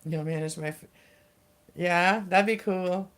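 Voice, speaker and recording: A middle-aged woman chats loosely on her livestream, wandering from thought to thought and stopping to restart. Her voice sits a little low and comes through smooth and clear. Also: steady tone. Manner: rambling, halting, with many fillers and restarts. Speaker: livestream host. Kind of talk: casual livestream chat.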